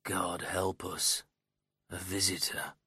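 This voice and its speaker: A man's voice: high voice, slow, creaky, fairly bright tone, no echo, clean studio sound, pitched above the performer's own voice, heavily acted. A man voicing a very old, sour-faced male servant who mutters and growls, in an audiobook reading. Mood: muttering.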